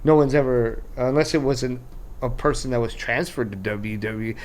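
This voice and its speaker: A man's voice: mid-range voice, fairly even intonation, moderate pace, darkish tone, slight background noise. A man co-hosting a wrestling podcast, giving opinions in casual chat with lots of "like" fillers. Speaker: podcast co-host.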